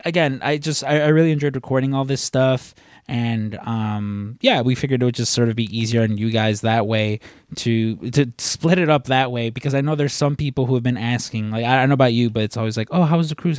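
A podcast co-host talks briskly in a steady, medium-pitched voice, with studio quality and no room sound. His casual chat rambles, with lots of fillers and restarts.

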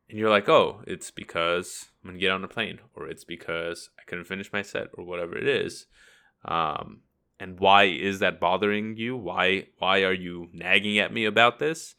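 A man's voice: deep voice, bright, forceful tone. A man co-hosting a podcast, talking casually and rambling with lots of fillers. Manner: conversational, rambling with many fillers. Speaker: podcast co-host.

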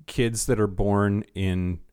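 A man's voice: on the low side, steady tone, slow pace, a little mellow, clean tone, no echo, clean studio sound. A man co-hosting a podcast in casual chat, rambling and restarting his sentences, with wry jokes. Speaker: podcast co-host.

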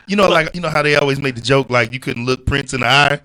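A man's voice: medium pitch, fast, bright, forceful tone, poor audio. A man talking as a podcast guest in casual chat, laid-back and peppering his talk with "you know what I'm saying.". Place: indoors, seated at a table with beers.

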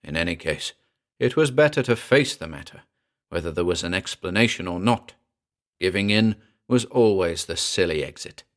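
A man narrating a classic ghost story in a measured, quiet way. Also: deep voice, animated. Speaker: audiobook narrator.

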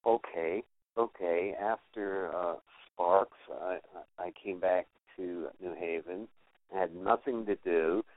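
An older man, a guest musician, tells stories in a casual interview with a deep voice and slow pace. He is an animated storyteller who acts out the people in his tales. The audio is dry and tinny, like a phone.

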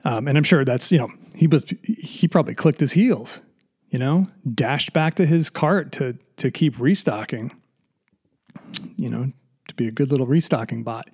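A man's voice: medium pitch, normal speed, darkish tone, husky. A middle-aged man hosting a podcast alone, rambling and sarcastic, nervous, restarting often and swearing freely. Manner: nervous, sighing. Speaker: podcast host. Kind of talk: casual solo monologue.

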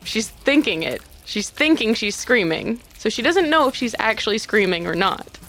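A woman's voice: on the high side, sing-song, moderate pace, a bit bright. A woman playing a tabletop game, describing her character's transformation thoughtfully and vividly. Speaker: player.

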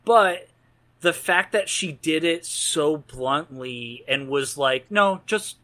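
A man with a bright, fairly high voice talks slowly through a film scene, rambling and joking along the way. He sounds like a podcast co-host in an easy, casual chat. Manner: rambling, jokey, laughs at own lines.

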